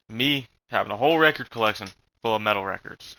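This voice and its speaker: Ranting young man, bright tense voice. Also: on the low side, fast, hardly any pauses, no echo, poor audio. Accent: slight Southern US. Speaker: vlogger. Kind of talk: rambling casual rant.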